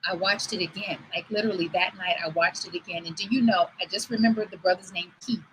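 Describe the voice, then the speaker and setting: A woman over forty hosts a livestream, her voice on the low side but fairly bright, steady in tone and quick in pace. She tells chatty stories and acts out people's quoted lines. The computer mic yields a low-quality recording with slight background noise.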